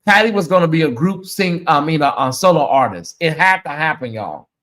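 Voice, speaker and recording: Sassy animated male livestream host. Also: a little high, a little fast. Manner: animated, sassy, talks to viewers directly. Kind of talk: casual livestream chat.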